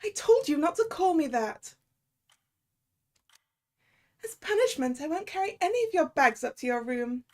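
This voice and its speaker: A woman's voice: high-pitched, very animated, fairly quick, voice pushed up. A woman voicing a prim young female hotel receptionist in a game, speaking in a polite, businesslike way. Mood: prickly.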